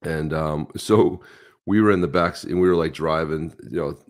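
Man, very low pitch, casual live-stream co-host, lively storytelling. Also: moderate pace. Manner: animated storyteller, acts out quotes. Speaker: podcast co-host.

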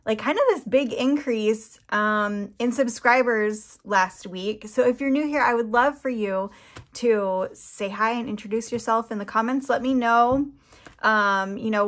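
A woman's voice: a little high, normal speed, fairly bright tone. A woman talking casually to her camera as a nail polish vlogger, flustered and rambling, with frequent laughs.

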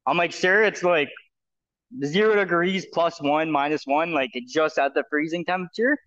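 A man's voice: fairly high pitch, moderate pace, a bit bright, lo-fi sound. A man from Canada telling a long personal story in a loose, rambling way, full of fillers and restarts, acting out what others said to him. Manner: rambling, many fillers and restarts, acts out quoted voices. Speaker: guest telling his story. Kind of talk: casual storytelling.

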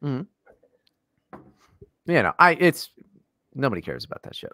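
A man's voice: a little high, normal speed, dry recording, clean studio sound. A man co-hosting a podcast in casual chat, ranting and swearing with lots of energy. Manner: profane, ranting, animated. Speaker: podcast co-host.

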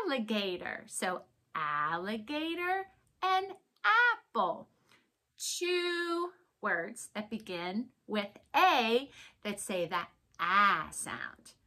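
A young woman teaching letters to small children in an encouraging, sing-song way, slowing down and exaggerating her words. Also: medium pitch, very animated, sharp tone. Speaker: preschool teacher.

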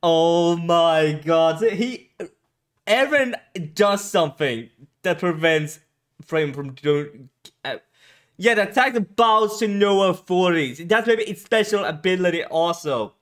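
A man hosting an anime reaction video, excitable, with gasps, drawn-out exclamations and stumbling restarts when agitated. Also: high-pitched. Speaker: anime reaction channel host.

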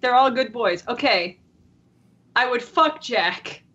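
A woman from Ireland co-hosting a podcast in casual chat, giggly and chatty with quick asides. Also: on the high side, lively intonation, sharp tone, breathy edge, muffled recording. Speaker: podcast co-host.

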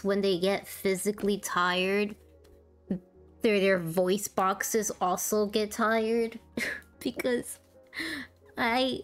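A woman streamer in a casual chat with her live chat, tired and with a sore throat, soft-spoken and laughing often. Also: mid-range voice. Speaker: VTuber streamer.

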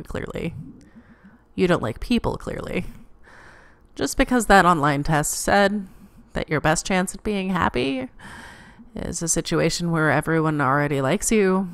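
A woman's voice: fairly low pitch, no room sound. Playful woman reading game dialogue. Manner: playful, reads characters in varied voices. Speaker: let's play gamer. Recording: faint game music behind.

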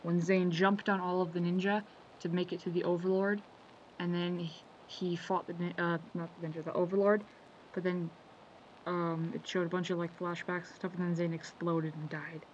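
A man with a high voice speaks at a moderate pace in a level tone while casually talking through a quotes compilation for his video. He rambles, loses his train of thought, and corrects himself. The lo-fi sound is slightly dull, with faint background noise.

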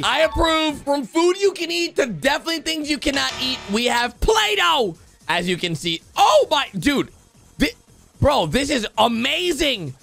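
Very high-voiced excitable man. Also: vocal fry. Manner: excitable, exclaiming, quick gasps and laughs. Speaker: YouTube host. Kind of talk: excited reaction commentary.

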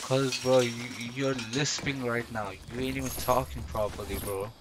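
A man's voice: medium pitch, moderate pace. A man streaming a game on a headset mic, chatting casually and teasing his teammate, saying "bro" all the time. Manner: slangy, teasing, says "bro" constantly. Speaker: streamer playing online. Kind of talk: casual gaming chat. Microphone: gaming headset. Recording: loud background noise.

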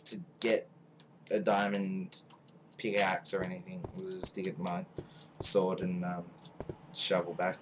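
Young male game commentator, low voice, heavy hiss and clicks behind. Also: measured pace, pauses often. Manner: rambling, filler-heavy, self-mocking. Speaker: gaming channel host. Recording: loud background noise, mouse clicks.

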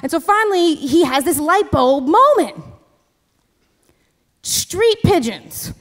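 A woman telling a story live on a theater stage, fast and chatty, full of "like" and "you know.". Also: sits high, lively intonation, fairly bright tone. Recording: live theater hall reverb, faint music.

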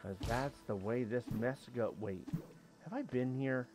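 A man's voice: medium pitch, a little slow. A man giving casual commentary as he plays a game, talking to the creatures on screen and breaking into sudden yelps and exclamations. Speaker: let's play host.

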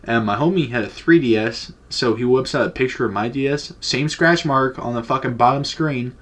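A man's voice: medium pitch, normal speed, a bit bright. A young man vlogger telling a childhood story in a casual, profane, laid-back way.

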